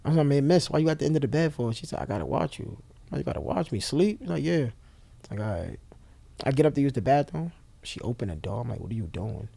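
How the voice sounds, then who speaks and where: A young interviewee shares a personal tale with raw, profanity-laced honesty, quickly changing voices to act out the dialogue. His mid-range voice is expressive, creaky, mellow and slightly rough, and the recording has no room sound.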